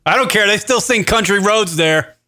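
A man's voice: sits high, normal speed. A man hosting a radio talk show, cursing and laughing as he rants in crude, casual banter. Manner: profane, laughing, rants loudly.

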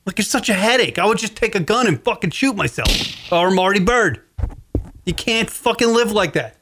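A male radio host with a somewhat high voice who rambles through loose, profane rants. He talks casually into a studio mic, cursing in nearly every sentence. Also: lively intonation, normal speed, noisy background. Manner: rambling, swears constantly, ranting.

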